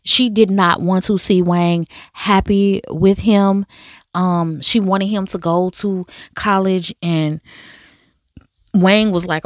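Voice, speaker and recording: A woman talks through a drama she watched in a lively, slangy, storytelling way, full of asides to her listeners. Her pitch sits in a middle range, and the sound is dry and close with no room in it. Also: slow, no room sound. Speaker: drama review podcaster. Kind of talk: casual chat reviewing a drama.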